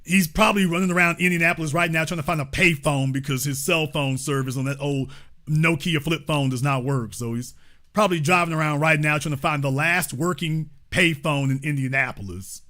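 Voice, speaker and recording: A man's voice: fairly high pitch, brisk, bright, forceful tone. A man hosting a call-in show, taunting a caller with sarcasm and repeating phrases for emphasis. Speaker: host. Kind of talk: live call-in commentary.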